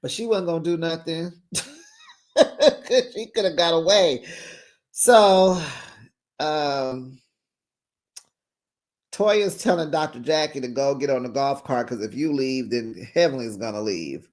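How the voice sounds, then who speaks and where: A woman's voice: low voice, unhurried, long pauses, darkish tone. A woman hosting a casual recap show, chatty and sassy, laughing often and acting out quotes. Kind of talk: casual reality-TV recap chat.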